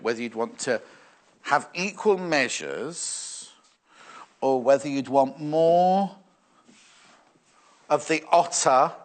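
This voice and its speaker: A man presenting fabrics on a live shopping channel, chatting and musing aloud as he reads out viewer messages. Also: mid-range voice. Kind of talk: live sales demonstration.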